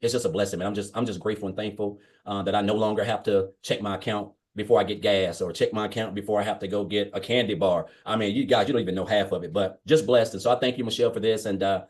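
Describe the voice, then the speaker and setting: Man, quick-paced, fervent and grateful, casual testimonial, video call. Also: fairly low pitch, fairly even intonation. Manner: fervent, grateful, calls listeners "guys" and "man". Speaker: webinar guest.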